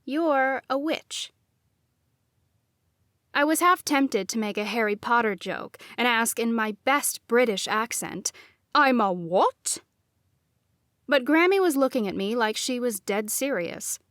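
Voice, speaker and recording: A woman reading a first-person novel as audiobook narrator, in a measured, expressive delivery. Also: a little high, no room sound, clean studio sound.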